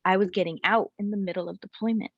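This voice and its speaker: A young adult woman telling a personal story as a guest, in a candid and animated way with many casual fillers. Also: mid-range voice, quick pace, no echo. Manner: animated, frequent "like" and "you know" fillers. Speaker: guest sharing her story. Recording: slightly muffled, dry recording.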